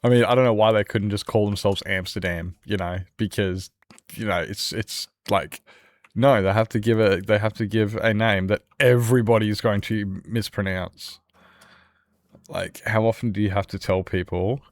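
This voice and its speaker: A man's voice: lowish voice, fairly even intonation, moderate pace, no echo. A man with an Australian accent chatting casually with viewers while playing a game, rambling, often laughing and restarting his sentences. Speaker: streamer.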